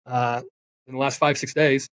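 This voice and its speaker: A man's voice: mid-range voice, flat delivery, normal speed, fairly bright tone, clean tone, no echo. A man speaking as a company executive on a live talk stream, rambling with restarts and asides. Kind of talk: casual talk-show chat.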